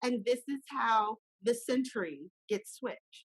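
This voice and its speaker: A woman with a slightly high, husky voice speaks as a guest in a conversation. She talks with passion and acts out small scenes as she makes her point. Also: animated, slow, rough recording.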